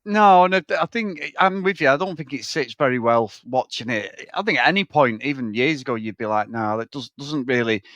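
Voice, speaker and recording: A man's voice: mid-range voice, animated, a little fast, few pauses, a bit bright, no room sound. Sweary chatty man. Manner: sweary, rambling retellings of scenes. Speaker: podcast co-host. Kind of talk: casual film chat.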